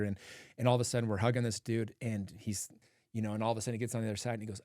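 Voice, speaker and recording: A man with a lowish voice talks earnestly as a podcast guest, telling stories about coaching men and often saying "like" as a filler. His voice sounds dry and close, with no room echo. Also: fairly even intonation, rapid-fire. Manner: earnest, storytelling, frequent "like" fillers. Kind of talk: casual podcast conversation.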